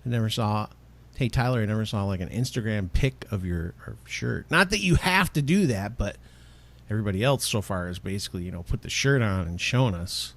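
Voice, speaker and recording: A man hosting a podcast in casual chat, animated and rambling, quick to laugh. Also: fairly low pitch, vocal fry. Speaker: podcast host.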